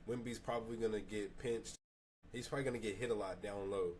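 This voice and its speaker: A man co-hosting a sports podcast, giving steady, informal analysis with slang. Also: lowish voice, quick pace, a little hiss or hum. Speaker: podcast co-host.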